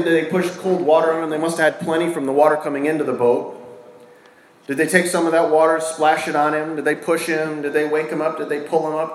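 Pastor preaching in an echoey church. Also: male voice, on the high side. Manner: asks the congregation questions, swings between loud and hushed. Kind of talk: sermon. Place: church hall with a congregation.

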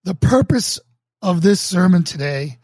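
Man from Boston, pastor and host; earnest, emotional, stops and restarts; voice sits a touch high; dry close sound. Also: animated, a little slow, a little mellow, husky, no room sound. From Boston, United States. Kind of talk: livestreamed casual talk leading into a sermon.

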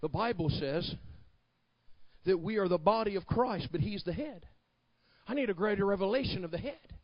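A man pastor preaching a sermon, rising to shouted climaxes and dropping to hushed storytelling. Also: high voice, lively intonation, moderate pace, no room sound, muffled recording.

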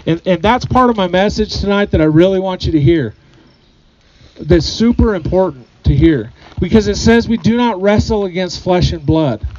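A man's voice: high-pitched, lively intonation, normal speed, a little mellow, highs cut off. A man preaching a sermon to his congregation, earnest, often repeating phrases and putting questions to the people. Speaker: pastor.

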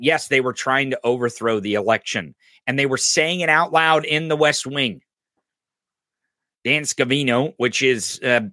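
A man's voice: mid-range voice, pushed and bright, no room sound, studio quality. A man hosting a podcast, ranting angrily and profanely in political commentary, mocking his opponents. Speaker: podcast host.

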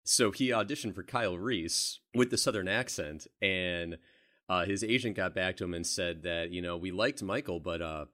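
Low-ish guy on a movie podcast, animated, laughs a lot while telling stories. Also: normal speed. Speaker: podcast co-host. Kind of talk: casual film discussion.

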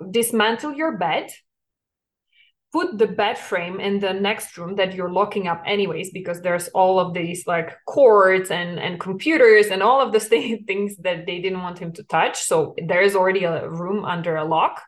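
A woman hosting a solo parenting podcast, explaining in an earnest, coaching way with frequent light laughs. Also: medium pitch.

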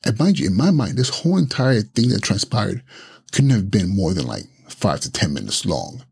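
A low, very husky man from Nigeria with a gravelly edge tells a scary story from his own childhood. His voice swings widely up and down as he builds the tension, repeating himself and restarting lines the way a podcast host does when carried along by his own tale. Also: big pitch swings, moderate pace, a little mellow. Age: adult.

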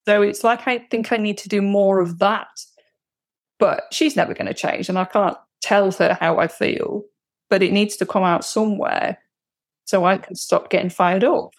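Gravelly-voiced woman venting. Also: medium pitch, normal speed. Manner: frank, venting frustration. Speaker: therapy client. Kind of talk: candid personal account.

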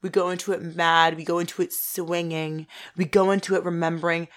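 A woman's voice: on the low side, little pitch movement, a little fast. A young woman co-hosting a podcast, ranting with exaggerated mock outrage in unfiltered casual chat. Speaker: podcast co-host.

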